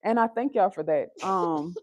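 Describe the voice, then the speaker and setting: A woman's voice: lowish voice, normal speed, a little mellow, a little hiss or hum. Young mom livestreaming from home, chatty, keeps stopping to talk to her toddler. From Houston, Texas. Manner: chatty, breaks off to coax and scold her toddler. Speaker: livestream host. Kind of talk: casual livestream chat. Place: busy family home with children.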